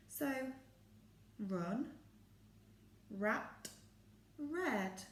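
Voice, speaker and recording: A woman with an English accent teaching a phonics lesson to young children, with big gasps and drawn-out sounds. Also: sits high, big pitch swings, echoey room. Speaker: primary school phonics teacher.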